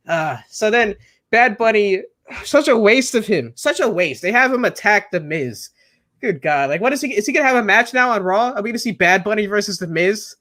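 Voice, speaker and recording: A man with a notably high voice rants about wrestling in a loose, animated way. He keeps stacking up "like" and "bro" as he gets worked up. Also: brisk. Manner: animated ranting, says "bro" and "like" often. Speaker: wrestling show co-host. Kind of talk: casual podcast chat.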